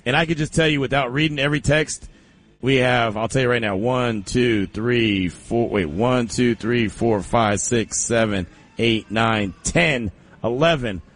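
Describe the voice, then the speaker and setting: A man hosting a sports talk show, loose and jokey with animated banter. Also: mid-range voice, a little slow. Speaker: sports talk radio host.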